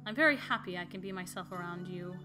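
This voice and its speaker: A woman voicing a shy, romantic goth-styled dad with a soft, earnest delivery, over faint background music. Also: on the low side, fast, lightly acted. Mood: tender.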